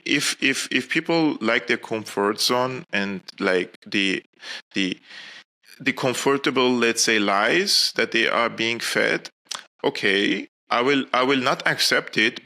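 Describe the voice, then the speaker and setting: A man from Syria, a guest in a casual interview, talking in an animated, rambling way. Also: mid-range voice. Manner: animated, rambling, laughs at own points. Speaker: guest commentator.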